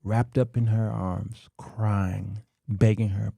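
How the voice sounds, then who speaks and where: A middle-aged man talks to men in a slow, emphatic, sermon-like monologue, stretching his words and pausing for effect. His voice is gravelly and dark, recorded close and dry. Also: on the low side, level tone, dry recording. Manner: slow, emphatic, drawn-out delivery with dramatic pauses. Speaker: talk show host.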